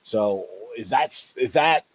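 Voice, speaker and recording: Loud, excitable man hosting a sports podcast. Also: medium pitch, slow, a little hiss or hum, rough recording. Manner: loud and excitable, laughs often. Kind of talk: live sports podcast chat. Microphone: desktop mic set too close.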